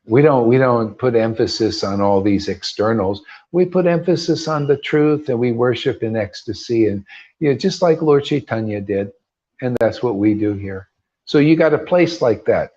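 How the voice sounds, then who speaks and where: In a dull, lo-fi recording, a spiritual teacher with a mid-range, expressive, darkish voice speaks at a moderate pace. His informal devotional talk to a group is emphatic and preachy, with frequent restarts and rising bursts.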